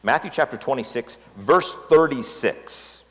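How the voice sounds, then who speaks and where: A man's voice: mid-range voice, lively intonation, measured pace, fairly bright tone. A male pastor preaching a sermon in a conversational way, often checking in with his listeners. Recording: long hall reverb.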